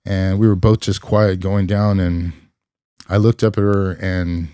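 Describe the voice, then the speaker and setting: Deep, mellow-voiced man recalling his past. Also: little pitch movement, clean tone, dry recording, studio quality. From California, USA. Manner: reflective, unhurried, many "you know" fillers. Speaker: podcast guest, former police officer. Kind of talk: conversational storytelling.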